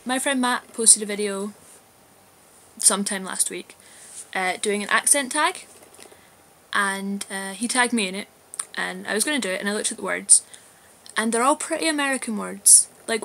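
A young woman from Scotland with a Glaswegian accent, chatting casually in a vlog at home and reading a list of words aloud clearly. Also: mid-range voice. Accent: Glaswegian Scottish. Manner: chatty, slow, reads words out loud and clear. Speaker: vlogger. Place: flat, indoors.

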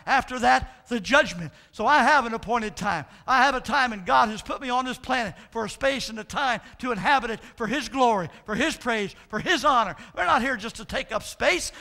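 Brief: pastor preaching, very high for a man, bright edge, emphatic and repetitive. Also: gravelly. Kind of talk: sermon.

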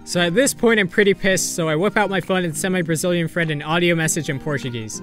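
A young man telling a story in a casual, animated way, swearing and acting out the quotes. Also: high voice, fast, faint music behind. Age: young adult. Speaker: YouTuber.

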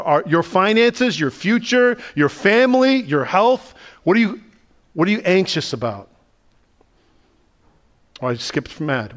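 A man, the pastor, preaching a sermon in a conversational, animated way and asking the listeners lots of questions. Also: on the high side. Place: church sanctuary.

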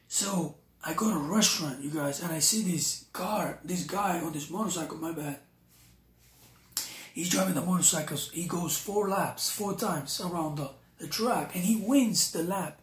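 A preacher telling a personal testimony to viewers, often calling them "you guys.". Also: mid-range voice. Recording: roomy echo.

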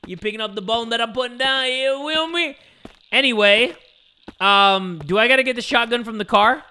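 Young male gamer host, high bright voice, goofy jokes and yelling at the screen. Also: moderate pace, smooth. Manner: joking, loud outbursts and goofy asides. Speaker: gaming video host. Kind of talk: excited horror game let's play commentary.

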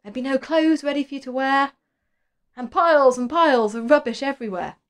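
A woman leading a school worship, asking children gentle questions. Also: sits high, a little fast. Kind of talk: children's collective worship talk.

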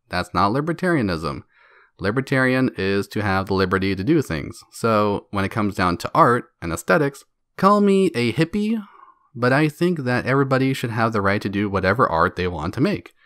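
A man's voice: medium pitch, animated, moderate pace, a bit bright, no echo. Man, podcast host, solo rant, swearing and mocking, dry close sound. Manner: profane, mocking, laughs between jabs.

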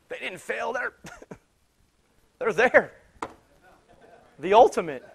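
A man preaching in church, telling a story with many restarts and bursts of loud exclamation. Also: high voice, expressive, extremely slow, vocal fry, a little hiss or hum. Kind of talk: sermon storytelling. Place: church sanctuary.

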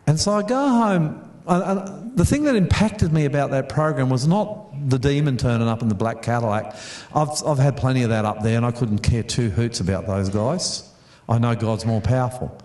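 Here a middle-aged Australian pastor, his medium-pitched voice darkish and moderately paced, tells stories through a sermon in a roomy-sounding space. He talks casually with the congregation, repeats words, and asks them questions.

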